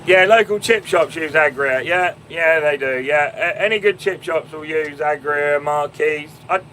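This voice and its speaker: In a rough phone recording with a little hiss or hum, a young man with an English Fenland accent sits in his tractor cab in a field, casually answering live stream viewers. He speaks at a measured pace in a slightly high, bright, forceful voice. He's chatty, with lots of ums and restarts, and he calls people mate and my man.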